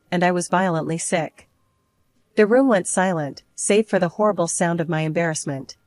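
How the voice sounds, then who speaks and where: A woman reads a first-person story aloud in an even, measured way. Her voice sits fairly low. The sound is dry and close to the mic. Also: dry recording. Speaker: narrator.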